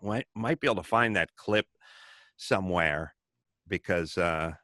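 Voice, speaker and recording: A middle-aged man hosting a talk show, telling stories in a casual, animated way, acting out the people he quotes and swearing freely. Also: low-pitched, measured pace, dry recording, studio quality. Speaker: podcast host. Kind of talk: casual storytelling chat.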